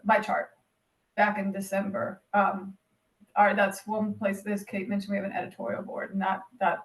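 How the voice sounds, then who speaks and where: A woman on a video call describing her team's work, with hesitations and restarts. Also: mid-range voice. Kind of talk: casual video-call chat. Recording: roomy, distant call audio.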